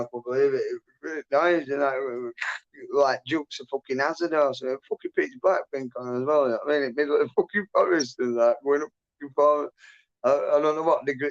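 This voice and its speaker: A man's voice: medium pitch, lo-fi sound. A man hosting a livestream, telling a rambling story in casual chat, swearing constantly and laughing as he goes. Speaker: livestream host.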